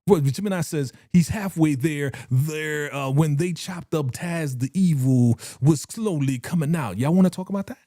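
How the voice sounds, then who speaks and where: A man, hosting a live reaction stream and talking in an animated, scene-acting way. His voice sits a bit high but sounds mellow and warm. The recording is close and dry. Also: normal speed, few pauses, no echo. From New York. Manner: animated, reads chat aloud, acts out scenes.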